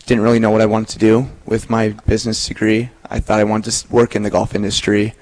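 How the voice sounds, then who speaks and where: A young man in his twenties speaks as an interview guest, easygoing and quick to laugh. His voice sits a little low. He answers plainly and without fuss. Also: completely flat delivery, darkish tone, rough recording. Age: 20s. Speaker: seminarian guest. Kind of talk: casual interview chat.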